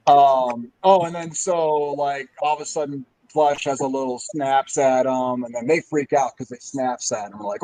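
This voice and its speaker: A man's voice: mid-range voice, steady tone, moderate pace, hardly any pauses, mellow, low-quality recording. A man on a casual podcast chat, retelling a comic's plot in a rambling way with lots of fillers and chuckles. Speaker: guest.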